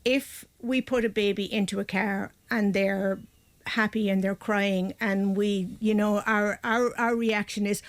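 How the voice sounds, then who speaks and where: A woman guests on a radio programme, explaining things in a chatty, meandering way. She restarts sentences often and leans on fillers as she talks, at an ordinary middle pitch for a woman. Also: steady tone, a little slow. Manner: chatty, many restarts and fillers like "like" and "you know". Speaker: baby sleep expert guest. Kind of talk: radio interview, explaining advice.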